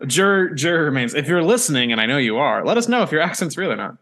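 A man's voice: on the high side, sing-song, fast, fairly bright tone. A man hosting a podcast, recapping an episode in casual chat, jokey and swearing freely. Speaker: podcast host.

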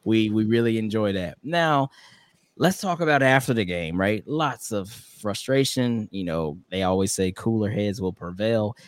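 A man's voice: lowish voice, dry recording. A man hosting a casual sports podcast, playful and teasing with his co-hosts. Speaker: podcast host.

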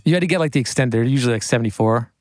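A man's voice: medium pitch, rapid-fire, no room sound. A man who works as a recording engineer tells casual studio stories, full of "like" and acting out the people in them. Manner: animated, full of "like", acts out the voices in his stories. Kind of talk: casual storytelling.

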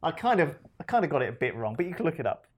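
A man's voice: a little high, big pitch swings, very fast. A man with a slightly raised voice tells a story to a friend in loose, easy chat. He rambles and restarts his sentences as he goes. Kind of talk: casual chat.

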